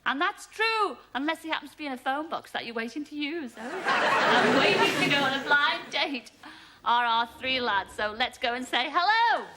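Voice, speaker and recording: Bubbly high-voiced woman hosting a game show. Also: expressive, normal speed, a loud crowd. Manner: teasing, bubbly, laughs often. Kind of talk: light-hearted TV studio presenting. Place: TV studio with live audience. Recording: loud studio audience and noise, 1980s broadcast.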